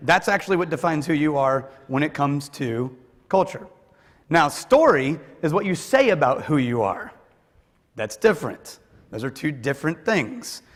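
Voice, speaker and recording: A man gives a joking, self-deprecating, conversational conference talk to a large audience in a hall with long, echoing reverb. His voice is on the high side, animated, at a moderate pace.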